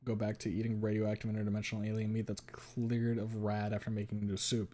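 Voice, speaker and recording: Talking fast and monotone with few pauses, a live streamer chats casually with his audience. He curses a lot, leans on "like" constantly, and his voice jumps loud and high whenever he's amused.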